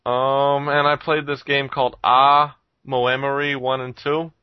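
A man's voice: mid-range voice, flat delivery, unhurried, clear, resonant tone, dry recording, lo-fi sound. A man hosting a casual podcast chat, rambling with lots of ums and frequent chuckles. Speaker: podcast host reviewing games.

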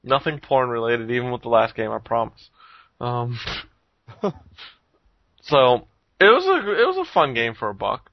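A man's voice: mid-range voice, sing-song, measured pace, pauses often, no echo, lo-fi sound. A man hosting a casual podcast chat, rambling with lots of ums and frequent chuckles. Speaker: podcast host reviewing games.

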